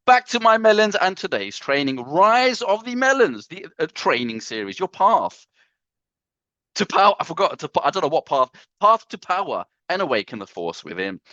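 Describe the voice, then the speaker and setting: A man runs a live training session, greeting viewers and joking in a theatrical, self-mocking way. His voice is bright and sits a little high. The recording is dull and lo-fi, with a dry, close sound. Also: very animated, normal speed, no echo.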